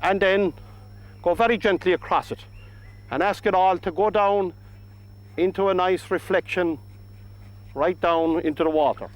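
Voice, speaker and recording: Irish painting teacher, man, high-pitched, soft coaxing delivery, outdoors. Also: unhurried, long pauses, low-quality recording. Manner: gentle, coaxing, talks to the paint. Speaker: painting instructor. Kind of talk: painting demonstration. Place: outdoors by a lake.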